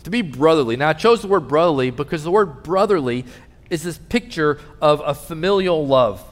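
A man preaching a sermon as pastor, telling stories earnestly and dropping soft and low in tender moments. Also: animated, a little fast. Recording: long reverb of a large hall.

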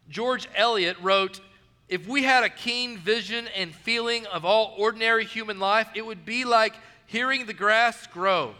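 A male pastor preaching a sermon, earnest, repeating key phrases and dropping soft and low on quoted words. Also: big-room sound.

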